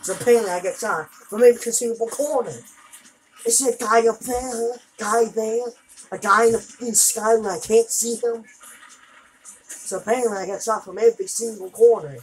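A woman doing let's play commentary, exasperated and swearing, with loud outbursts. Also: fairly high pitch, fairly even intonation, normal speed, slight background noise, rough recording. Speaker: gameplay video creator.

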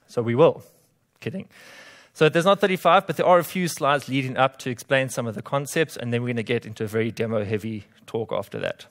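South african guy giving a conference talk, dry jokes, mid pitch. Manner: dry self-deprecating humor. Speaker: conference speaker. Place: conference room.

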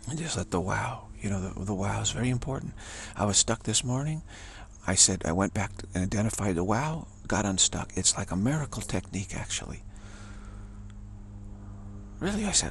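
A man's voice: fairly low pitch, animated, normal speed, vocal fry, a little hiss or hum. A man giving a casual spiritual teaching talk, musing and earnest, repeating phrases for emphasis.

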